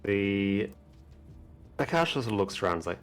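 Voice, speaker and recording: A man narrating a tabletop game as game master, describing scenes in an unhurried way. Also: lowish voice, very animated, soft background music.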